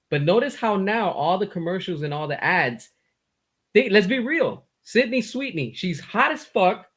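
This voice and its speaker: Outspoken guy laying it out straight, slightly high voice. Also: fairly bright tone. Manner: blunt, emphatic. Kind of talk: casual chat.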